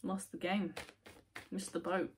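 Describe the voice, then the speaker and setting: A woman giving a casual, chatty tarot reading, with many fillers and soft, near-whispered asides. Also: lowish voice, flat delivery, measured pace, noisy background. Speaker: tarot reader.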